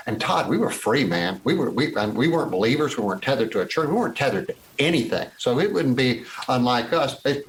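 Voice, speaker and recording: A man in his sixties, a guest telling stories from his life in a casual interview, animated and acting out old conversations. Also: medium pitch, slight background noise, low-quality recording. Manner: animated storyteller who acts out past conversations.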